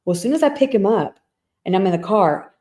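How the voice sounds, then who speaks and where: Fast and lively in intonation, her medium-pitched, mellow voice carries candid, emotional personal stories. She's a woman in her thirties co-hosting a podcast in casual chat, often using fillers and starting over.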